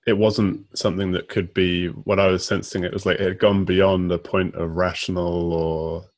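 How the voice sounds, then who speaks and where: Male interview host, very deep and even voice, thoughtful paraphraser. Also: moderate pace. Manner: thoughtful, rephrases the guest's point. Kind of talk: conversational interview.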